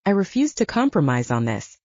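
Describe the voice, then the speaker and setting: Woman narrating an audiobook, low and mellow. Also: fairly quick, dry recording. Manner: first-person, steady reading. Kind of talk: scripted narration. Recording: dry, dull lo-fi sound.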